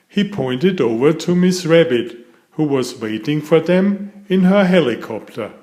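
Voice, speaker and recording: Slow, expressive man reading a children's book. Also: a little high. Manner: slow, expressive read-aloud delivery. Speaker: storybook reader. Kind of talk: children's story read aloud.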